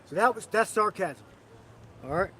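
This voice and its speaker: Out on a city street with traffic passing, a man leads a street preaching camp, blunt and coarse as he calls on others to read scripture. His voice is high, animated, and sharp-toned, at a moderate pace.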